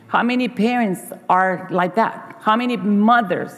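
Speaking in a medium pitch within a large, roomy space, a middle-aged church speaker gives a sermon. Her storytelling is halting, with repeated words and acted-out voices for the people in her tales.

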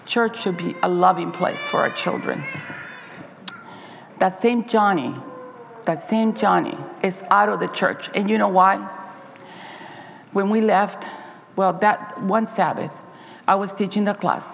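A woman's voice: medium pitch, big pitch swings, unhurried, creaky, pauses often, fairly bright tone, long reverb tail, a little hiss or hum. A woman Sabbath school teacher giving an earnest, heartfelt personal testimony to her church congregation, often restarting her sentences.

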